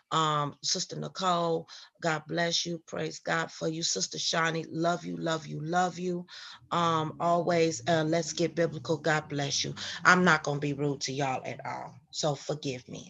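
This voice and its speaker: A woman hosting a Christian live stream, greeting viewers by name and talking in a preachy, animated way. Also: fairly low pitch, gravelly. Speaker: Christian online show host. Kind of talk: casual live-stream commentary.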